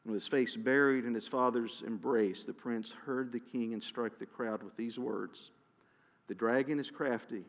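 A man reading a story aloud in a steady, dramatic manner, with a few restarts, recorded with a long hall reverb. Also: medium pitch, normal speed, few pauses.

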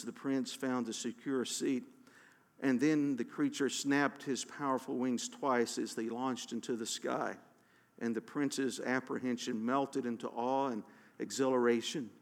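Man telling a story in a reverberant hall. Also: mid-range voice. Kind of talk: story read aloud.

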